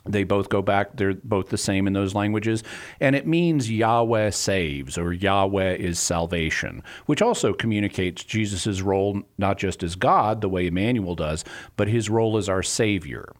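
A man answering callers' questions on a call-in radio show, explaining in a measured, patient way. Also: lowish voice.

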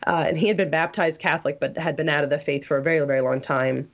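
A woman's voice: low voice, steady tone, fast talker. A woman telling her story in a casual interview, rambling, with many restarts and fillers. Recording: dull lo-fi audio.

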